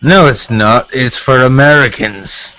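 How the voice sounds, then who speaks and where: A man's voice: mid-range voice, a little slow, bright, forceful tone, low-quality recording. A man co-hosting a casual livestream chat, joking and sarcastic, a little drunk. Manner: joking, sarcastic, laughs often. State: tipsy. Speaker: stream co-host.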